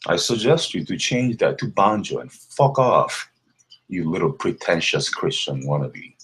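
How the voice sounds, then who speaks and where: A man's voice: low-pitched, sing-song, measured pace, a bit bright, a little hiss or hum. A man delivering a mocking, scornful rant to the camera, laughing between insults. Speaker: vlogger. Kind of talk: ranting callout video.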